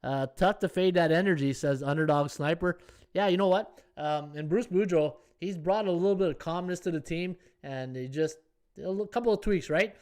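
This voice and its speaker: A man's voice: a little high, moderate pace, a little mellow. Chatty man talking through betting odds. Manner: chatty, thinks aloud, reads viewer comments. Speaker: sports betting podcast host. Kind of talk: casual live-stream analysis.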